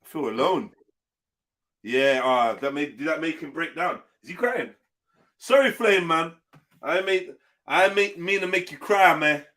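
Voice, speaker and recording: A man's voice: on the high side, a little slow, bright, forceful tone. A man hosting a live online panel show, hyping the audience and teasing his guests in casual banter. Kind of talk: casual live-stream chat.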